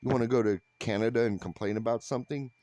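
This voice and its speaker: A man delivering a blunt, sarcastic, profane rant to camera in a flat, unhappy-sounding voice. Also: medium pitch, fast talker, no echo. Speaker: vlogger. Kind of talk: ranting monologue to camera.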